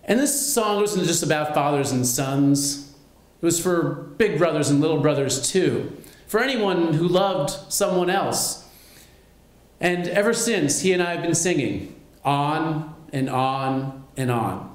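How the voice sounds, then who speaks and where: A man telling a personal story on stage at a live storytelling show, wry and lively. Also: on the high side, unhurried, reverberant. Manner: wry, lively, self-mocking.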